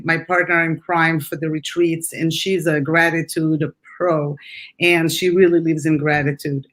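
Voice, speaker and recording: A woman's voice: sits low, fairly bright tone. A woman hosting a conversational interview, speaking emphatically and enthusiastically, often repeating words as she starts a sentence. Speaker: podcast host and retreat leader.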